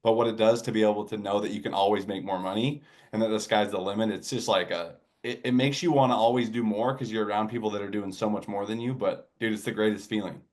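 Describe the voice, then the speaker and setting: Halting, low-voiced man guest. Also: steady tone. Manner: halting, with many restarts and "like" fillers. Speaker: interview guest. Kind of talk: casual interview chat.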